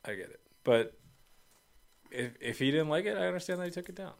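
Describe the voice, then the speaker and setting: A man hosting a casual podcast chat, measured and wry as he mediates an argument. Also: on the high side, expressive, gravelly. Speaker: podcast host.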